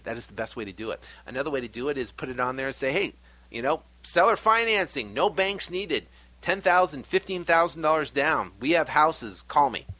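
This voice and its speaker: Lively energetic male podcast host. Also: fairly high pitch, no echo. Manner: energetic, animated, pep-talk delivery. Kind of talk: motivational podcast talk.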